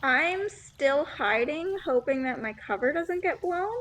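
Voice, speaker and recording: Slow, hesitant woman playing a tabletop game. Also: high-pitched, animated, fairly bright tone, low-quality recording. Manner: slow, hesitant, many ums. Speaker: player.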